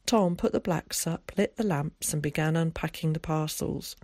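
An audiobook narrator reading a novel in a measured, even storytelling manner. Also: medium pitch, no echo, studio quality. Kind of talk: scripted narration.

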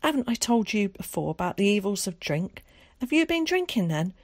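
A woman's voice: medium pitch, sing-song, fairly quick, dry recording, voice pushed up. A woman voicing a stern, pious mother who is cold, suspicious and reproachful in a storybook reading. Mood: scolding. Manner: clipped, reproachful, preachy.

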